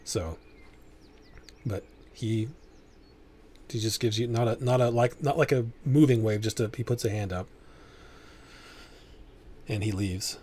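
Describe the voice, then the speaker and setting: Low-voiced guy running a tabletop game, slow descriptive narration. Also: dark tone. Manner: descriptive, unhurried, with restarts. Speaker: game master.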